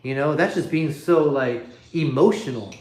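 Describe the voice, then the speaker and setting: A man's voice: on the high side, moderate pace, a little mellow, echoey room. A man hosting a casual livestream from his living room, talking off the cuff into his phone and chuckling as he reads comments. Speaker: livestream host. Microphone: iPhone.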